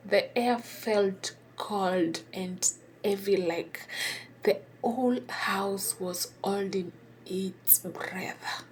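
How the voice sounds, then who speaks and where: A woman whispering a personal story, halting and hesitant with many pauses and restarts. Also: medium pitch, a little hiss or hum.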